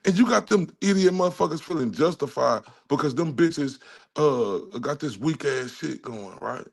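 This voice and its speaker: Male streamer from Dallas with a gravelly voice, ranting angrily and swearing constantly. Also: a little high, lively intonation, moderate pace. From Dallas, Texas. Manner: furious, heavily profane ranting. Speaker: livestream host. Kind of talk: angry profane livestream rant.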